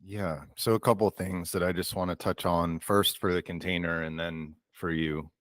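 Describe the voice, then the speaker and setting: A man hosting a group video call, talking slowly and gently, affirming the participants. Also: low-pitched, steady tone, dry recording. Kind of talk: warm reflective group facilitation.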